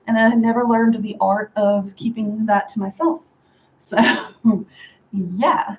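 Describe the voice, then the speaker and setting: A woman chatting casually through a hair styling tutorial at home, sarcastic and quick to laugh. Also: mid-range voice, a little mellow, muffled recording, a little hiss or hum. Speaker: beauty vlogger. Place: home room with a fan.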